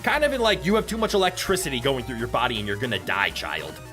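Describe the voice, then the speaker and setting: A woman's voice: a bass voice, animated, fast, a bit bright, faint music behind. A woman streamer giving casual, playful commentary while playing a game, laughing often and swearing when things go wrong. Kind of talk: casual let's-play commentary.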